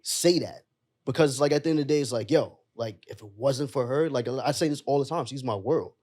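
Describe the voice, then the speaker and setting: A man's voice: medium pitch, a little fast, darkish tone. A young adult man, a podcast guest, telling a personal story in an emotional, earnest way and calling his friends bro. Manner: emotional and earnest, calls the listener bro often.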